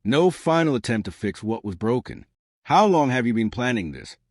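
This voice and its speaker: Heartbroken young wife, voiced by a man narrator: soft, hurt, pleading, lively pitch. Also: normal speed, no room sound, clean studio sound.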